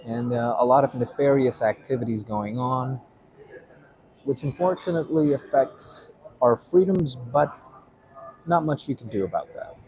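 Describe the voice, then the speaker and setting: A man's voice: medium pitch, moderate pace, a little mellow, rough recording. Rambling man talking economics. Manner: rambling, filler-heavy, tags points with "right?". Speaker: vlogger. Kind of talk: casual explainer monologue.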